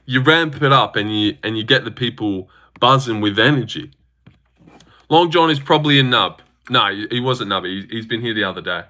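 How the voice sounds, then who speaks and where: A young Australian man hosting a casual livestream, reading viewer comments in a brash, animated way with lots of swearing. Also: brisk. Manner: animated and brash, swears a lot, big pitch jumps. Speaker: livestream host.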